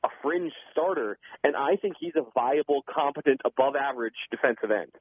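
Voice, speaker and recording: A man giving casual football analysis on a call, talking quickly and animatedly with frequent restarts. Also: medium pitch, lively intonation, breathy edge, dry recording. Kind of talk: casual sports talk. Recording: muffled phone line, dry.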